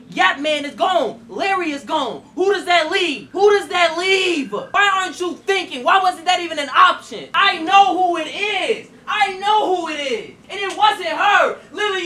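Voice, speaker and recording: Young male gaming host; high, very lively delivery, loud repetitive outbursts, slightly distant mic. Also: slight background noise. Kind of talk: reacting to a video game.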